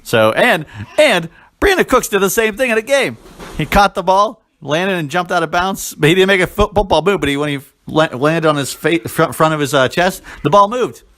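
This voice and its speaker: Man, fairly high voice, casual podcast co-host, animated storyteller, acts out his own reactions. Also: normal speed. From Pittsburgh area. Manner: animated storytelling, reenacting his own shouts with big jumps in pitch. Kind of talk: casual fantasy football podcast chat.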